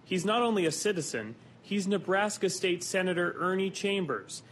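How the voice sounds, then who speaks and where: Man, news reporter, slightly high voice, measured, faint background noise. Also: expressive, fairly bright tone.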